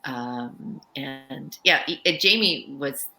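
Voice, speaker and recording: A woman's voice: a bass voice, animated, takes it slowly, pushed and bright, low-quality recording. A middle-aged woman author on a video call, talking thoughtfully and searching for her words. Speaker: author guest. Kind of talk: casual interview chat.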